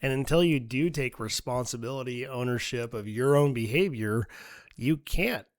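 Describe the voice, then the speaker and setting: A man's voice: mid-range voice, moderate pace, no room sound, clean studio sound. A man in his forties co-hosting a casual chat, a blunt and profane storyteller. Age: 40s. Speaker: podcast co-host.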